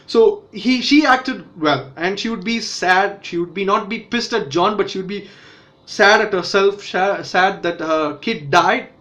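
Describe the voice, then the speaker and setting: A man's voice: high voice, measured pace, bright, forceful tone. A man casually reviewing a TV episode, rambling with fillers and restarts. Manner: rambling, many self-corrections and fillers. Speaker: TV show reviewer.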